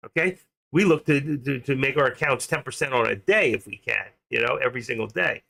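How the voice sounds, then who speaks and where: Excitable gravelly man streaming about trading. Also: mid-range voice, fairly quick. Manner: excitable, rambling. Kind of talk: casual live-stream chat.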